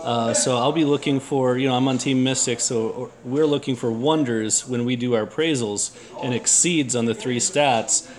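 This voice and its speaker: A man hosting a casual podcast, relaxed and chatty, often restarting his sentences. His voice sits at an ordinary middle pitch. Clear crowd chatter runs behind him. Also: normal speed, hardly any pauses. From Texas. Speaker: podcast host. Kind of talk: casual chat.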